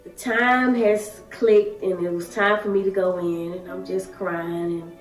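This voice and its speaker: Slow, emotional woman. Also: lowish voice, steady tone. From Alabama, USA. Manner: emotional, halting, short phrases. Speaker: daycare worker sharing her story. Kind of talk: personal testimony. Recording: echoey room, distant mic, soft music.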